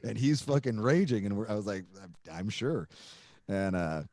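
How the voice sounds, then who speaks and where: A man's voice: lowish voice, animated, moderate pace, darkish tone. A man hosting a podcast, telling a story in a casual, rambling way with lots of swearing, fillers and restarts. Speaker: podcast host.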